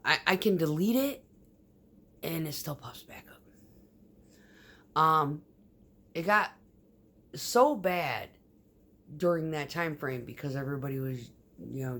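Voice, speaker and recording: A woman's voice: sits low, fairly bright tone. A woman telling a rambling, profane story in casual vlog style, often dropping to a whisper. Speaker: vlogger.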